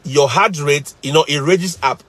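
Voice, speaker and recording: A man's voice: a little high, normal speed, fairly bright tone. A man, a teacher and vlogger, chatting casually on a live stream, telling stories animatedly, laughing often and repeating phrases.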